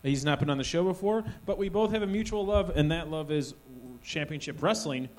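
A man's voice: a little high, fairly quick, a little mellow, a little hiss or hum. Upbeat man hosting a comedy show. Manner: upbeat, hyping up the guest. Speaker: show host. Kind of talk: stage introduction.

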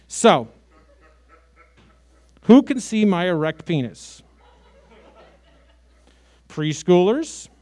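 Stand-up comic in his late thirties, from Chicago; high voice, brash sarcastic delivery that jumps between loud and quiet. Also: very animated, extremely slow, long pauses. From Chicago, USA. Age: 30s. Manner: brash, sarcastic, big swings in loudness. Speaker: stand-up comedian. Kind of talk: stand-up comedy set.

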